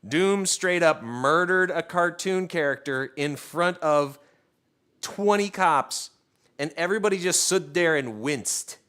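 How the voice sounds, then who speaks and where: A man's voice: on the high side, unhurried, clear, resonant tone. A young man hosting a cooking stream from his home kitchen, chatting casually, joking and swearing as he goes. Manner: animated, swears freely, jokey tangents. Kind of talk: casual chat while cooking.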